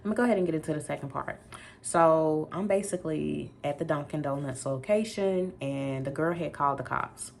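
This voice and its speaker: A young adult woman chatting through a storytime vlog in a low-pitched voice. She is animated and full of asides, and keeps talking straight to her viewers. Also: fairly quick, gravelly, slight background noise. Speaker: vlogger.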